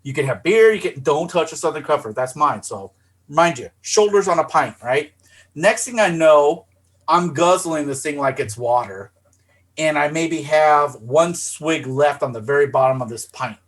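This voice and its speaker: A middle-aged man co-hosting a podcast, telling a rowdy story in a casual, profane and animated way. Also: a little high, normal speed. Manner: animated, profane, acts out his own voice in quotes. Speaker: podcast co-host.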